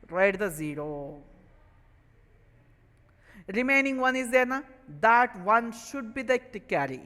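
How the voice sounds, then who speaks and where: A man's voice: very high-pitched, pushed and bright, in a large hall, low-quality recording. A man with an Indian English accent teaching a maths lesson, repeatedly asking questions and answering them himself. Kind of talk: online classroom lesson.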